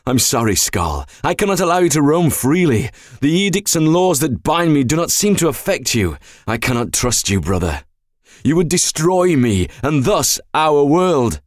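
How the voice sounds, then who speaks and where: A man's voice: a little high, big pitch swings, normal speed, no room sound, clean studio sound, pitched above the performer's own voice. A male audiobook reader voicing a noble, sorrowful male warrior entity who speaks in solemn, formal, resolute words. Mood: solemn resolve. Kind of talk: audiobook character voice.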